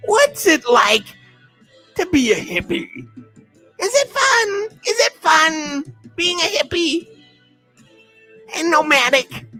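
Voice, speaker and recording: Man doing a high squealy talk-show interviewer, fussy, nosy, over the top, swooping pitch. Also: sing-song, slow, pauses often, sharp tone, faint music behind, heavily acted. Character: fussy high-voiced male celebrity interviewer.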